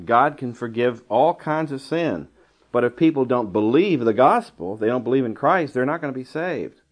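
A man's voice: mid-range voice, expressive, normal speed. A man teaching a verse-by-verse Bible lesson in a conversational style, with dry asides and digressions. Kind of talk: Bible study lecture.

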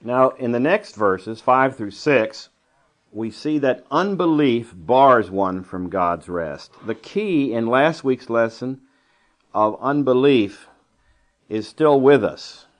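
A man's voice: medium pitch, lively intonation, takes it slowly. A man teaching a verse-by-verse Bible lesson in a conversational style, with dry asides and digressions. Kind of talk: Bible study lecture.

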